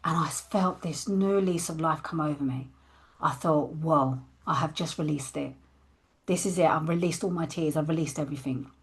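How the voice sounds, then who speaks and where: A woman's voice: fairly low pitch, husky. Candid woman telling her story. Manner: candid and expressive, acting out her past thoughts. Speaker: coach. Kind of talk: personal storytelling monologue.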